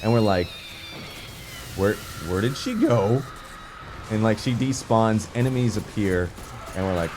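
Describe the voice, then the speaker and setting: A young man giving casual, rambling commentary over his gameplay footage, full of fillers and excited asides. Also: fairly low pitch, unhurried, long pauses, music in the background. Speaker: gaming video creator.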